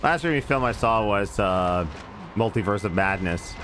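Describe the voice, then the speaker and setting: A man's voice: lively intonation, normal speed, fairly bright tone, slight background noise. Rambling, profane male game streamer. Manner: rambling, profane movie digressions with swooping pitch. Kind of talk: casual let's-play chat.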